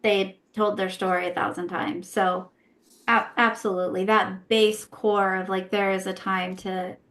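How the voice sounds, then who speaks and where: A woman's voice: mid-range voice, little pitch movement, moderate pace, fairly bright tone. A woman who is a guest and former therapist, explaining her views in a casual podcast conversation, posing rhetorical questions to herself. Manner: explanatory, asks herself rhetorical questions, often tags "right?".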